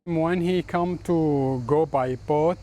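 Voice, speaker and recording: A man telling his story in halting, broken English with many restarts. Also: on the high side, dark tone, faint music behind. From Iraq. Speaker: interviewee, former army officer.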